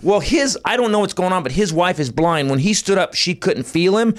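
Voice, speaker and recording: Profane, animated male comedian telling stories. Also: high voice, a little fast. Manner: animated, profane, laughing storyteller. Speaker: stand-up comedian. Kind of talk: storytelling in a podcast conversation.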